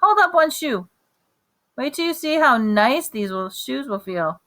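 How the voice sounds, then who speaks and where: A woman's voice: high-pitched, very animated, unhurried, sharp tone, pitched above the performer's own voice, heavily acted. A woman reading aloud, voicing a patient male shoe salesman who coaxes a child. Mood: coaxing.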